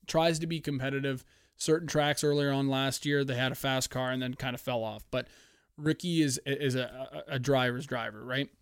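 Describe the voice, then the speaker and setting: A man from Canada hosting a podcast, chatting casually in a profane, excitable, rambling way on a headphone-wearing podcast setup. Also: mid-range voice, clean tone, no room sound, studio quality. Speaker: podcast host. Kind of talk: casual chat. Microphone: headphones, podcast mic.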